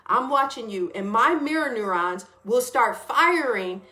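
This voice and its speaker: A woman's voice: a little high, lively intonation, a little slow. Chatty woman livestreaming, greeting viewers. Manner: warm, chatty, greets viewers by name mid-talk. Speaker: wellness livestream host. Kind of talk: casual livestream talk to viewers.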